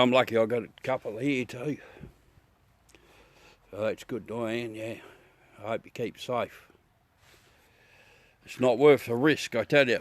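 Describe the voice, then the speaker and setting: A man's voice: mid-range voice, no echo. An Australian man hosting a livestream, chatting casually with viewers in a rambling, easygoing way, laughing at his own jokes. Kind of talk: casual live chat. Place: at home beside a telescope.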